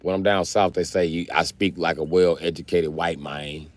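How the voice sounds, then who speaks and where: A man's voice: low voice, steady tone, normal speed. A man from Chicago hosting a casual livestream, answering his viewers with blunt, profane, joking banter. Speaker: livestream host.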